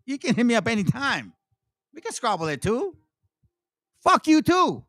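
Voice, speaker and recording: A high-voiced man rants in angry, mocking commentary, swearing constantly and breaking into scornful laughter. His voice is close and dry, with almost no room sound. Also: huge pitch swings, normal speed, a bit bright, no room sound. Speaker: commentary channel host. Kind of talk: profane commentary rant over played clips.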